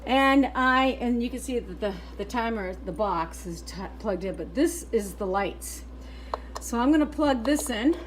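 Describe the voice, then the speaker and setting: A woman's voice: fairly high pitch, expressive, unhurried, noisy background. An older woman vlogging about fixing things around her home, talking frankly and rambling as she walks around, recorded on a phone held at arm's length. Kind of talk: casual home-repair vlog. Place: her home, moving between house, yard and garage. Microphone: phone in selfie mode at arm's length.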